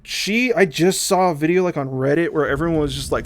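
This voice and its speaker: Young dude ranting on stream, kinda high voice, swears a lot, does little voices for people, faint hum in the back. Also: male voice. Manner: animated, profane, mimics people in quick asides. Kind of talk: casual livestream chat.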